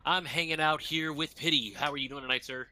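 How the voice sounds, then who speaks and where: A man's voice: a little high, fairly even intonation, a little fast, bright, forceful tone, no room sound. A man commentating a live speedrun race, upbeat and hyping up the viewers. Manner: upbeat, hype-building, talks to chat and runner.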